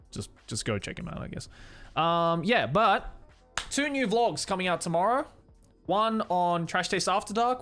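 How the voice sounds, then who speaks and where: A man's voice: fairly high pitch, fairly bright tone. A young Australian man streaming in a studio, chatting casually and animatedly. He swears often and laughs a lot. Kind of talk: casual chat. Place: studio, indoors.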